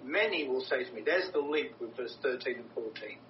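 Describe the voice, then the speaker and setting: A man's voice: expressive, fairly quick. A man preaching a sermon in an earnest, emphatic way, often repeating words for stress. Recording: roomy, distant, dull with low rumble.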